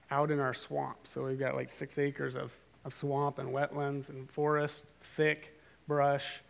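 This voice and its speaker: A middle-aged man telling a story casually to a live audience, animated and self-amused, with rambling asides. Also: mid-range voice, gravelly. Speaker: speaker telling a story to a group.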